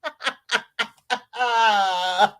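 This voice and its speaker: A woman's voice: on the high side, drawn-out words, a bit bright. A woman hosting a crochet livestream, chatting casually as she reads viewer comments aloud and answers them.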